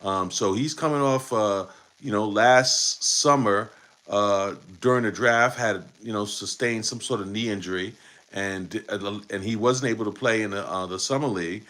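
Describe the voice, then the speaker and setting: Low-voiced man hosting a post-game show. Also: moderate pace, a bit bright. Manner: rambling, many fillers and restarts. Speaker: podcast host. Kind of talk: live post-game sports talk.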